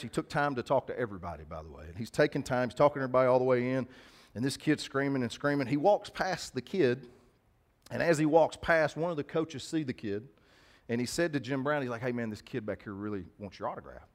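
Male pastor, mid-range voice, preaching conversationally to his church. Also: mid-range voice. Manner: conversational preaching with call-outs to the congregation. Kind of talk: sermon.

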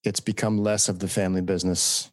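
A man from the United States in casual chat, telling animated stories and mimicking voices. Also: sits low, fast, no room sound, studio quality.

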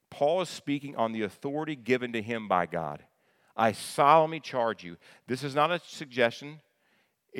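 A man, a pastor, preaching a sermon with lively questions to the congregation, often repeating words and restarting phrases. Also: mid-range voice, clean tone. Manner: animated preacher, asks the congregation questions and answers them. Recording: long hall reverb.

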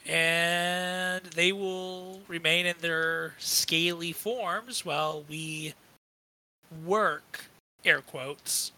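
A man's voice: on the high side, fairly even intonation, sharp tone, slight background noise, poor audio. A man playing a tabletop role-playing game, joking around and filling in his group. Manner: joking, quick to laugh. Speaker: player. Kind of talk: tabletop role-play banter.

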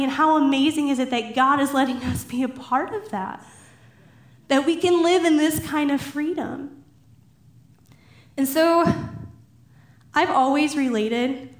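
A young woman giving a casual sermon, chatty and laughing, acting out Bible figures in animated voices. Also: high voice, reverberant. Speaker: preacher.

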